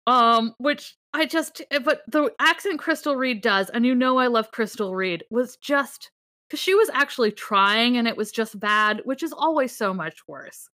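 A woman's voice: a little high, moderate pace, pushed and bright, dry recording, clean studio sound. A woman co-hosting a podcast in casual chat, enthusiastic and rambling, laughing often. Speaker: podcast co-host.

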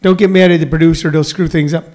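A man's voice: on the high side, steady tone, fast, darkish tone. A man hosting a live talk show, reading viewer comments and rambling along with jokes and frequent fillers. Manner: rambling and joking, many fillers.

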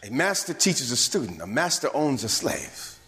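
A man's voice: medium pitch, big pitch swings, normal speed, bright, forceful tone. A man preaching a sermon as pastor, emphatic and rhythmic. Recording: long hall reverb.

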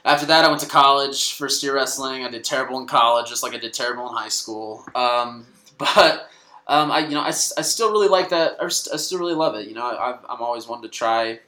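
A man's voice: mid-range voice, fairly quick, pushed and bright, roomy sound, low-quality recording. A young man, a comedian guest, telling a story casually, swearing often and restarting his sentences. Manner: swears a lot, many restarts.

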